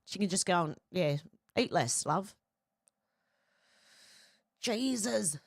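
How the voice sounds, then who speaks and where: A woman's voice: fairly low pitch, animated, takes it slowly, gravelly, no echo, studio quality. A woman hosting casual political opinion commentary, blunt and outspoken, reading posts aloud and reacting to them.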